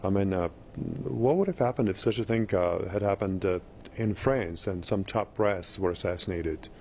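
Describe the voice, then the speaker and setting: A man's voice: deep voice, moderate pace. A man presenting a news program, interviewing a guest and pressing with follow-up questions. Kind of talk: broadcast interview. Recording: dull lo-fi broadcast audio with faint noise.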